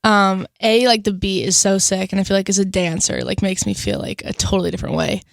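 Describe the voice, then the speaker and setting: A woman's voice: medium pitch, fairly quick, gravelly, no echo. A young woman, a singer guest, chatting casually in a radio interview, bubbly and full of "like". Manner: bubbly, lots of "like" and laughter.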